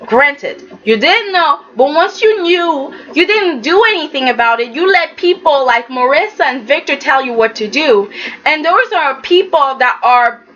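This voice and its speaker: A woman giving a casual, animated recap of a soap opera episode, talking straight at the characters. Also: sits high, a little slow, lo-fi sound.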